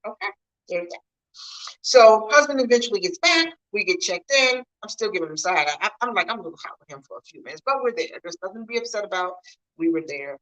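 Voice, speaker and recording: In a rough recording, a middle-aged woman from the Mid-US speaks with a medium pitch. She's a home vlogger who tells casual stories and chats directly with her viewers, lively and talkative throughout.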